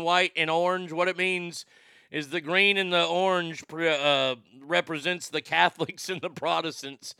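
Host type, male, crisp bright voice, loose chatty read of chat lines, dry booth sound. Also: sits high, no echo. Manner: animated, reads chat messages aloud with loud bursts. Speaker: livestream host reading chat. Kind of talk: casual chat.

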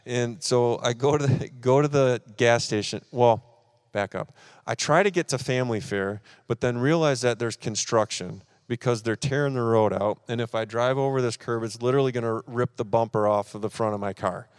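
Smooth-voiced pastor telling a story. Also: male voice, medium pitch, moderate pace, dry recording, studio quality. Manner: animated storytelling, acting out his own frustration. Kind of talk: sermon with personal story. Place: church service.

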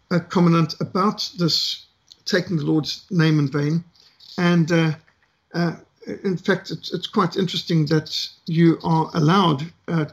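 A middle-aged South African man telling a story from his past, unhurried and pausing often with "uh". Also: on the high side, gravelly, slightly rough. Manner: unhurried with frequent "uh" pauses. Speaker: ministry speaker. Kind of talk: storytelling testimony.

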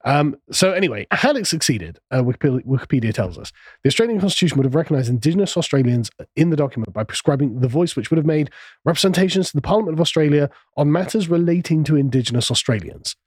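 A man's voice: on the high side, animated, fast, a little mellow, husky, no room sound. A man hosting a podcast, talking through politics in a casual, sardonic way. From England. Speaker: podcast host.

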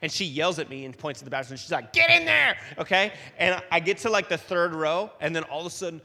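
A man's voice: a little high, quick pace, in a large hall. A man preaching to a youth group, telling a long personal story full of fillers and restarts. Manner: animated storytelling, many fillers and repeated starts. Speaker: youth pastor.

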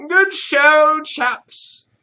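The narrator voicing a plump, pompous male museum curator with an obviously fake British accent, high and drawn out. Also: very slow, sharp tone, heavily acted.

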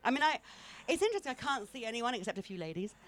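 A bawdy woman comic in her fifties talks on stage in a hammy put-on Russian accent, her pitch riding a little high. Her voice leaps up and down as she mocks herself, often breaking into laughter. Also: big pitch swings, very fast, crowd noise. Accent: put-on mock Russian accent. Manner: bawdy, self-mocking, laughs through her lines. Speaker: stand-up comedian. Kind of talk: comic chat interview on stage.

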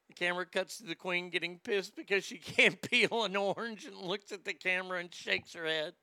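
A man's voice: high-pitched, fairly quick, few pauses, pushed and bright, clear, resonant tone, no echo, studio quality. A man hosting a comedic rant, profane, mocking and rambling.

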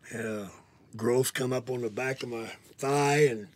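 A man telling a blunt, profane personal story as a show's host, often sinking to a hushed near-whisper. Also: medium pitch, fairly even intonation, unhurried, no echo.

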